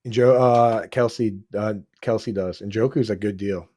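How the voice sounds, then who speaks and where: An excitable man talks through a casual fantasy football chat with a warm, mellow voice. He restarts his sentences a lot and throws in dude and bro. The sound is dry and close. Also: fairly low pitch, slow pace, no room sound. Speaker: podcast host.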